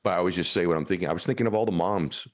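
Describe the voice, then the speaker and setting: A man's voice: low voice, rapid-fire. A man hosting an interview podcast, talking in an earnest, rambling and emotional way. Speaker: podcast host. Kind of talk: casual interview talk.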